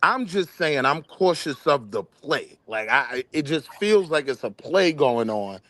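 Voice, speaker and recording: A man's voice: a little high, unhurried, no room sound. A man hosting a casual group debate podcast, arguing his point insistently and talking over others. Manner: argumentative, insistent, animated.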